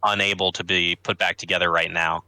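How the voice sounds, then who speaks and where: Brief: young male player, lowish voice, very bright and close, loose rambling talk. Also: level tone, brisk, low-quality recording. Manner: rambling, full of filler "like"s, laughs easily. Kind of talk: casual tabletop game play.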